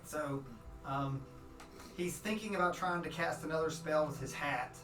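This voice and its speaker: A man runs a tabletop game as game master, narrating in a rambling way with many restarts. His voice sits a bit high for a man. The sound is echoey and distant, with clear music behind it. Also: normal speed, a bit bright. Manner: rambling, full of restarts and fillers. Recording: roomy, from far off.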